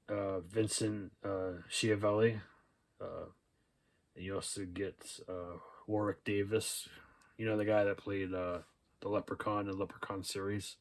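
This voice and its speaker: A young man casually going over his thrift-store movie finds, rambling with lots of fillers. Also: lowish voice. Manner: relaxed and rambling, with many "uh" and "um" fillers. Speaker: thrift haul vlogger. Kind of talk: casual haul video, reading out DVD titles and cast lists.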